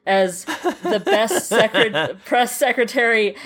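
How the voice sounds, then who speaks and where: A woman's voice: a little high, big pitch swings, slow, a bit bright. A woman co-hosting a podcast, chatting casually about a TV episode with a hesitant style full of restarts. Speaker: podcast co-host. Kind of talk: casual chat reviewing a TV episode.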